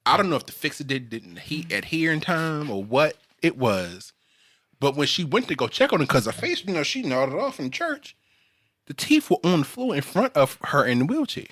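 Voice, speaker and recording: A man's voice: a little high, moderate pace, no room sound. A man co-hosting a podcast, telling a long funny story in casual chat and breaking into laughter as he goes. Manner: animated, laughs through his story. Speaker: podcast co-host.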